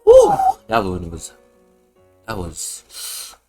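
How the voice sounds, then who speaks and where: A young man with a very low voice and an unhurried delivery gives casual game commentary. He jokes, uses slang and repeats himself, with faint game music behind him. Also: expressive, fairly bright tone. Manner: repetitive, joking, slangy. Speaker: streamer.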